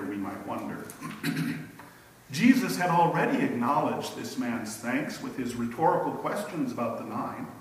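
A male preacher giving a sermon with slow, emphatic storytelling and rhetorical questions. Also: a little high, a little hiss or hum. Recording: echoey hall from a distance.

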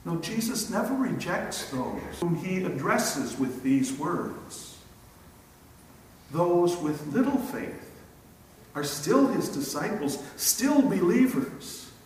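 Male pastor, fairly high voice, slow deliberate sermon delivery, recorded from a distance in a church. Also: very animated, a little hiss or hum. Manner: slow, emphatic preaching with dramatic pauses. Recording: echoey church hall from far off.

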